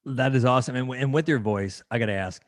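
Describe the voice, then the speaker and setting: A man's voice: medium pitch, fast, no echo, studio quality. A man hosting a podcast interview, enthusiastic and prone to stumbling over and repeating words. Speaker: podcast host.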